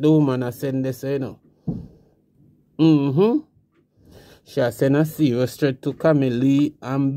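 Slow, mellow man commenting. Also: medium pitch, dry recording, studio quality. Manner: laid-back commentary, repeats channel name. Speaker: channel host. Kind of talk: commentary vlog.

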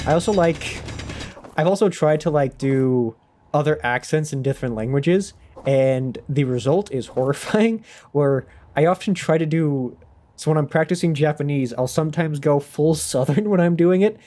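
Young male streamer, mid-pitched, chatty and self-deprecating, casual gaming talk. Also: normal speed, dark tone.

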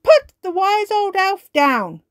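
A woman voicing an eager little boy elf in a storybook reading, excited and a bit bossy. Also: high-pitched, slow pace, no room sound, studio quality, voice pushed up, exaggerated voice. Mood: commanding.

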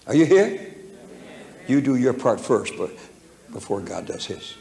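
An older man's medium-pitched voice, creaky and a little mellow, swings widely in pitch as he preaches a bit slowly. Folksy and chuckling, he relates a personal story, acting out each voice. The church hall echoes, with faint noise in the background.

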